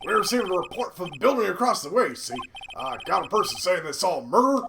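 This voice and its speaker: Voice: medium pitch, sing-song, fast, background noise. A streamer doing a blustery cop who ends lines with "see?". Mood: blustering. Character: gruff male police detective, blustering. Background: game music.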